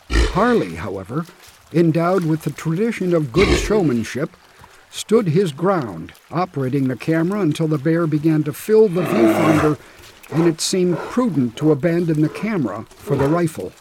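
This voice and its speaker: A man giving a scripted first-person narration in a measured, matter-of-fact way. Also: a little high, lively intonation, background noise.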